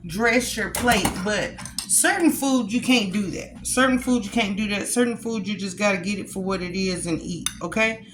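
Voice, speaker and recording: A woman chatting casually with her viewers from home as a cooking vlogger, addressing them directly and warmly as a group. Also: mid-range voice, normal speed, echoey room, noisy background. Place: at home while eating a meal.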